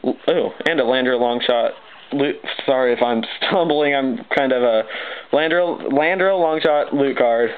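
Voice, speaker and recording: A man giving unboxing commentary as he opens card packs, talking in an excitable, stammering, apologetic way. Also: mid-range voice, normal speed, clear, resonant tone. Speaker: card pack opener. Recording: tinny lo-fi with loud hiss.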